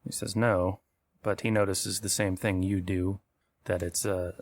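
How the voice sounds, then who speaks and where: A man narrating a tabletop horror game as game master, relaxed and often laughing. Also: low voice, a little slow.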